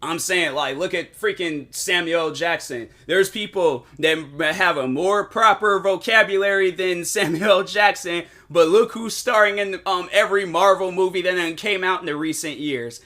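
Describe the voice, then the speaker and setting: A man's voice: high voice, normal speed, hardly any pauses, sharp tone. A young man, a streamer, telling a rambling story in a casual monologue, full of slang and filler words.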